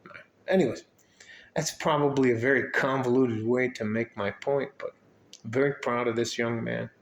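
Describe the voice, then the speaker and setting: An older man speaks straight to the camera at a middle pitch, wandering from point to point with plenty of swearing and a fatherly tone. The room around him is echoey, so his voice bounces back audibly. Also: steady tone, moderate pace, slight background noise. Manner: rambling, profane, fatherly. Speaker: mentor and coach to young men. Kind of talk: casual vlog talk to camera. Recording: roomy echo.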